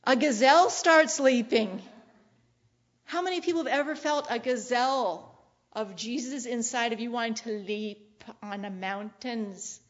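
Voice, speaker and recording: A woman preacher giving a sermon in a playful, animated way. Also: a little high, a little slow, muffled recording. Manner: playful and animated, often laughing and acting out quoted lines.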